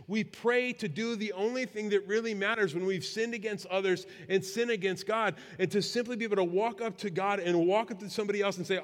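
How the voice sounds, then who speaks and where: A man preaching a sermon as pastor, talking in a conversational, self-deprecating way and slowing down for emphatic lines. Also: high voice, steady tone, fairly bright tone. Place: church sanctuary. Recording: long reverb of a church hall.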